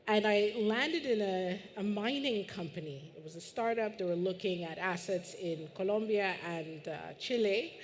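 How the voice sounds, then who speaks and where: A woman's voice: mid-range voice, slight background noise. Earnest woman speaking on a panel. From Guyana. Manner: earnest, conversational, with restarts. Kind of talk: panel discussion. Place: conference stage.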